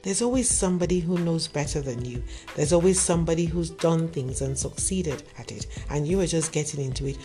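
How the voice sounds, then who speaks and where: Over background music, a man delivers a moral storytelling monologue, turning a cautionary story into a sincere lesson addressed straight to his audience. His warm voice is fairly high and fairly quick, with few pauses.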